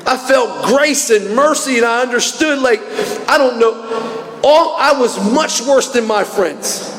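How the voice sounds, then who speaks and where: A man's voice: very high voice, unhurried, fairly bright tone, a little hiss or hum. A man in his forties giving an earnest, emotional personal testimony at a recovery meeting, recorded in a large hall. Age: 40s. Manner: earnest, emotional, rising to fervent. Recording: echoey hall recording from a distance.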